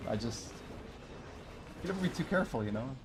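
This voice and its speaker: A man's voice: mid-range voice, lively intonation, fairly quick. A man talks loosely while streaming a game, reading out viewer messages and laughing easily. His voice sits in a middle register. A faint hiss runs under the recording. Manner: chatty, reads and answers viewer chat, laughs often. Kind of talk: casual livestream chat while playing. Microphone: wears headphones while streaming.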